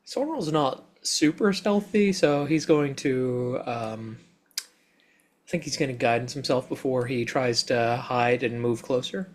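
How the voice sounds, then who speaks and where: A man's voice: medium pitch, unhurried. A man playing a tabletop game, hesitant, thinking aloud with many ums. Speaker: player.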